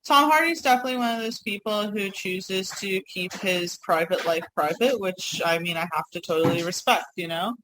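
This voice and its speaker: A woman's voice: mid-range voice, moderate pace, few pauses, noisy background. A woman with a New York accent co-hosting a casual podcast, telling rambling stories with frequent laughs and apologetic asides. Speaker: co-host.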